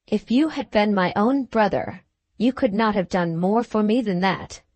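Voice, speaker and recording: A strange young medical student, as a woman reads him, speaking with a harsh, mocking sarcasm that never quite lets go. The storybook voice sits at an ordinary pitch. It is recorded dry and close for an audiobook. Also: unhurried, darkish tone, dry recording, close to an everyday voice. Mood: sardonic. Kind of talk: audiobook character reading.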